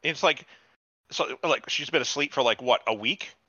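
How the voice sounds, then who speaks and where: A man rambles through a recap on a casual podcast, swearing freely and slipping into the characters' lines. His voice is bright and sits close and dry on the mic, though the recording is a little dull and lo-fi. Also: medium pitch, moderate pace, dry recording. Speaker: podcast host. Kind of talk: casual chat recapping a TV episode. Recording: slightly dull lo-fi sound.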